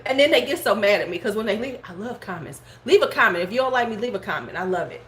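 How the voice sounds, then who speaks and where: A woman's voice: medium pitch, animated, fast, a bit bright. Blunt middle-aged woman vlogger, roomy sound. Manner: blunt, frank, laughs often, curses freely; talks back to live chat comments. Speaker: beauty vlogger host. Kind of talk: casual livestream chat. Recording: roomy home room with faint background noise.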